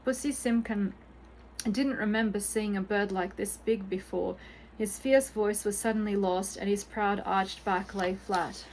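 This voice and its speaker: A woman reading a children's storybook aloud in a gentle, expressive bedtime-story manner. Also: medium pitch, measured pace, slight background noise, rough recording.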